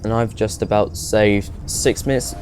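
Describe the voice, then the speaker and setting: A man's voice: lowish voice, steady tone, measured pace, background noise. A man giving chatty, rambling let's play commentary and laughing at himself. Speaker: gaming video host. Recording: game music playing behind.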